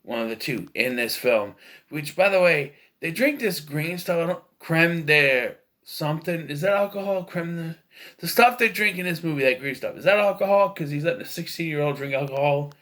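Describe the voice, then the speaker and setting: Male film reviewer, casual and opinionated, with a tense edge and pitch that jumps all over. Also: animated, moderate pace, a bit bright. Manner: rambling, opinionated, with frequent fillers and restarts. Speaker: movie reviewer.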